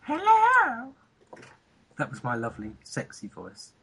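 A man's voice: on the high side, lively intonation, moderate pace, a bit bright. A man co-hosting a casual podcast, playful and jokey, stammering and repeating himself. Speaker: podcast co-host.

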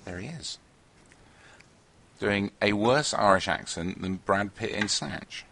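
A man's voice: on the low side, animated, slow pace, gravelly, sharp tone. A man co-hosting a hobby podcast, bantering and teasing with frequent laughs. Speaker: podcast co-host. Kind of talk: casual banter.

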